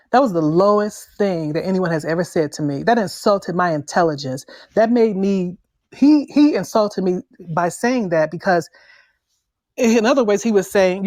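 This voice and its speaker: Woman, 60s, low voice, earnest, measured, dry sound. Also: animated, darkish tone, dry recording. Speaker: panelist. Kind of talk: personal story in a panel chat.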